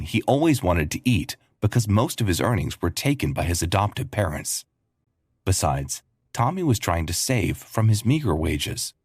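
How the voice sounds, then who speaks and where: A man with a husky voice narrating a scripted story. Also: sits low, darkish tone, no echo, clean studio sound.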